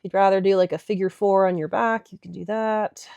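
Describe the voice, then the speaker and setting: A woman's voice: medium pitch, fairly even intonation, brisk, vocal fry, a little mellow, clear, resonant tone, dry recording, highs cut off. A woman leading a casual guided stretching class, chatty and irreverent with joking asides. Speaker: yoga and stretching instructor.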